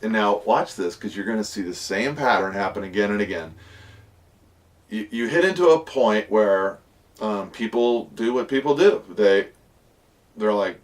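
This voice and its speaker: A man with a fairly low voice teaches a casual Bible lesson. He tells the stories with lively energy and acts out voices along the way. The mic sits a little away from him. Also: normal speed, far from the mic. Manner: lively storytelling, acting out voices of characters.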